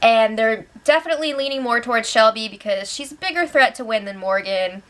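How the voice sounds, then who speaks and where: A woman's voice: fairly high pitch, brisk, fairly bright tone. A woman hosting a casual recap of reality show updates. She is chatty and giggly, with sarcastic asides.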